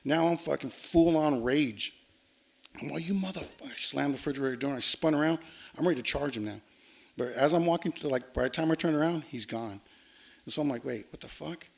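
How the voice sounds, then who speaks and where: A man telling a long ghost story on a podcast, animated and profane, acting out the lines he quotes. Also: on the high side, brisk, creaky. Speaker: podcast guest. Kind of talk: casual storytelling.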